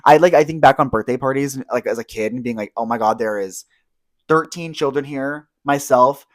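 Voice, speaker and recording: A man in his twenties co-hosts a casual podcast, telling stories with candid, profane energy. He leaps into high, squealing impressions of himself mid-story. The sound is close and dry, at a middling pitch for a man. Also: normal speed, no echo. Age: 20s. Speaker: podcast co-host. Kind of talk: casual chat.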